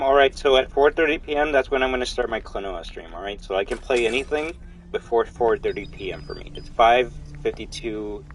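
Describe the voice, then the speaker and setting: A man's voice: medium pitch, slight background noise, low-quality recording. A young man chatting casually to his viewers while livestreaming a game, rambling and talking straight to chat. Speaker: streamer.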